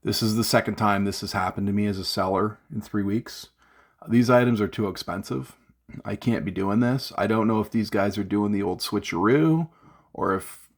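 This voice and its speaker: Guy, lowish voice, vlog rant, fed-up, talks in loops with lots of ums. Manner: exasperated, rambling, many fillers and restarts. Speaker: gear vlogger.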